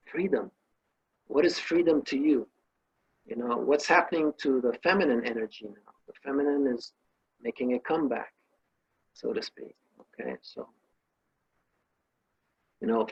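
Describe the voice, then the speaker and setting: A man's voice: medium pitch, a little mellow, breathy edge, lo-fi sound. A man giving an emphatic spiritual talk, telling a parable and listing emotions with rising force. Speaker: spiritual teacher.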